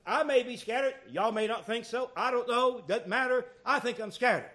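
A man preaching a sermon in a church, animated, dropping to soft asides and rising to loud emphatic calls. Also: extremely high pitch, normal speed.

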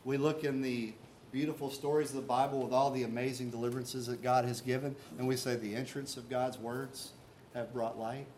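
A man's voice: medium pitch, little pitch movement, fairly quick, hardly any pauses, a little mellow, slight background noise. A man preaching a sermon as pastor, talking earnestly and conversationally and asking his listeners rhetorical questions.

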